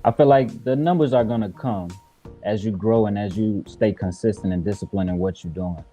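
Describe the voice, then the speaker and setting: A man's voice: fairly low pitch, moderate pace, dark tone, faint music behind. A man from Chicago, a guest rapper, answering interview questions in an earnest, reflective way with many fillers. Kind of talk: casual interview talk.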